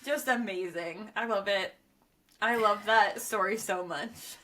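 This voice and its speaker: A woman's voice: mid-range voice, measured pace, sharp tone, a little hiss or hum. A woman hosting a casual podcast chat, giggly and enthusiastic as she reacts to stories. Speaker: podcast host, daughter.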